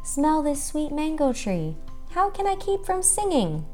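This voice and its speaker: A woman's voice: high-pitched, sing-song, a little slow, mellow, faint music behind, pitched above the performer's own voice. A woman voicing a cheerful, stubborn little rooster in a storybook read-aloud, with a lilting, lifted voice. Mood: merry. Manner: cheerful, determined.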